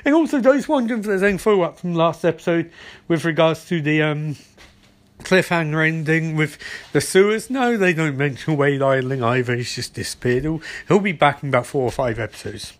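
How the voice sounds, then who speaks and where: A man giving a casual spoken episode recap, excitable and swearing, tossing in quick mock quotes. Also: on the high side.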